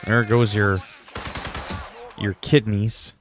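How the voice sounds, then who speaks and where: A man's voice: on the low side, level tone, drawn-out words, background noise. A man, livestreaming and chatting casually while gaming, rambling and joking playfully. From Canada.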